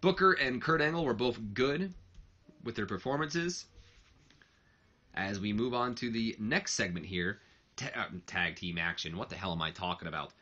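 A man's voice: on the low side, expressive, moderate pace, sharp tone, highs cut off. A man giving casual commentary on a wrestling management game, rambling and correcting himself as he goes. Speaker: let's play narrator.

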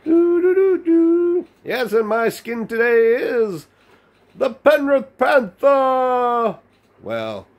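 An Australian man giving playful, chuckling commentary over his own gameplay. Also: high voice. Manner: playful, chuckling, sing-song exclamations. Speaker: gaming channel host.

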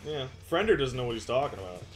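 A man giving loud, laughing, swearing commentary while playing a game with a friend. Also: medium pitch, big pitch swings, fast. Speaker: let's play gamer. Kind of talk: excitable gameplay commentary.

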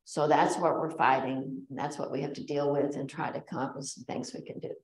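Low-voiced woman speaking in a roomy hall. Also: fairly even intonation, darkish tone. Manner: earnest, conversational, pauses with fillers. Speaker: guest speaker at a bird society meeting. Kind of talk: public talk with personal anecdotes. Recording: roomy echo.

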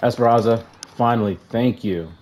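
A man's voice: medium pitch, normal speed. A young man casually commenting on his own football video game play, talking to the players on screen and sighing in frustration. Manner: frustrated, talks to players on screen, flat sighs between outbursts. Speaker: gaming YouTuber.

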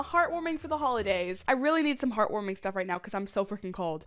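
A young woman gaming YouTuber reading viewer confessions in a chatty, playful, teasing way. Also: sits high. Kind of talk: casual gameplay commentary reading viewer confessions.

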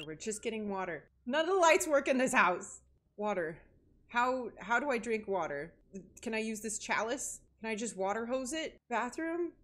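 A woman's voice: medium pitch, a bit bright. Jokey young woman narrating a horror game. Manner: jokey, dramatic, talks to herself and the game. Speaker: gaming video host. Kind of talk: horror game playthrough commentary.

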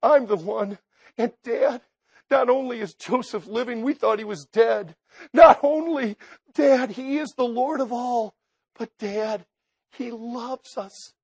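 A male preacher voicing a remorseful grown son who confesses in a low, tearful hush. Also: slow pace, slightly rough, no echo, heavily acted.

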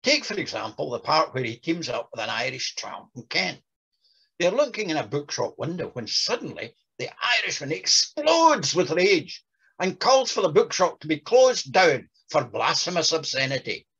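Husky gravelly man giving a literary talk. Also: on the high side, moderate pace, highs cut off. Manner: reads quotes with lively voices. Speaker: lecturer. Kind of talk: talk with dramatic readings.

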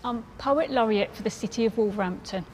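A woman's voice: fairly high pitch, brisk, a little hiss or hum. A woman with a Black Country accent, a poet explaining local dialect in a chatty way, laughing as she goes. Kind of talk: explaining dialect on a travel show.

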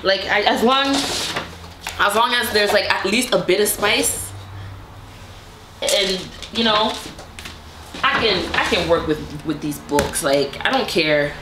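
A woman's voice: medium pitch, animated, takes it slowly, long pauses. A young adult woman vlogger chatting to camera, gushing and rambling with many fillers. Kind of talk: casual chat to camera. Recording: echoey room with faint noise.

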